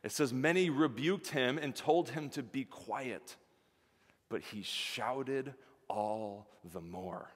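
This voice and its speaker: A man preaching a sermon as pastor, lively, acting out the voices of the people in his story. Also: medium pitch, slow. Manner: animated, acts out voices of the disciples and Jesus. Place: church sanctuary. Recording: church hall reverb.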